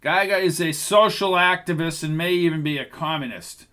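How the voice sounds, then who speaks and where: A man's voice: fairly high pitch, moderate pace, pushed and bright, voice pushed up. A man voicing a cocky, self-assured young male agent in an audiobook reading. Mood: threatening.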